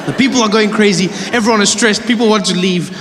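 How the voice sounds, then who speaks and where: A man telling a story on a stand-up stage, animated and acting out voices. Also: high-pitched, fast, heavy background noise. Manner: animated, acts out other voices. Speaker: stand-up comedian. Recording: stage with long reverb, faint ambience.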